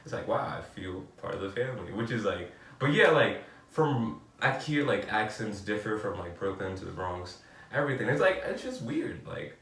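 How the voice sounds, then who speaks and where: A man's voice: fairly low pitch, normal speed, slight background noise. A young man with a New York accent, chatting casually as a podcast co-host and rambling with lots of filler words. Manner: rambling, heavy "like" filler, animated bursts. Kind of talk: casual chat. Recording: roomy and distant from the mic.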